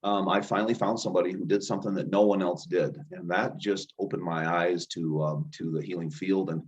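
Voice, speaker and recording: Low-voiced man telling stories, lo-fi sound. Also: fairly even intonation, fairly quick, darkish tone. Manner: rambling, restarts often, acts out quoted dialogue. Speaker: guest, chiropractor and healer. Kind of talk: conversational storytelling. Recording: dull lo-fi sound.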